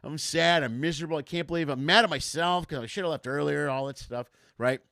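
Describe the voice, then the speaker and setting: Guy hosting a comedy podcast, rambly storyteller, bright punchy voice, dry sound. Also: fairly high pitch, quick pace, gravelly, no echo. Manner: rambling storyteller, animated, acts out quotes. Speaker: host. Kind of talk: casual comedy podcast chat.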